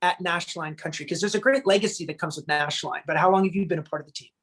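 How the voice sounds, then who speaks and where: A man from Canada, a country singer, chatting as a guest in a casual video-call interview and telling stories with lively acted-out quotes. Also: a little high, quick pace. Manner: animated storyteller, acts out quotes.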